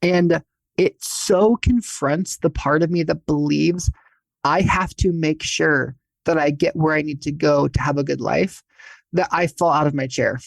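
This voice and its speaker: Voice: mid-range voice, a little slow, vocal fry, no room sound. A speaker in a casual spiritual podcast conversation, talking chattily in a self-mocking way with lots of fillers.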